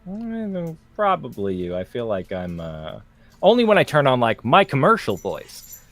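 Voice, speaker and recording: A young man co-hosting a crafting livestream, chatting casually in a jokey, animated way with frequent restarts. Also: medium pitch, moderate pace, faint music behind.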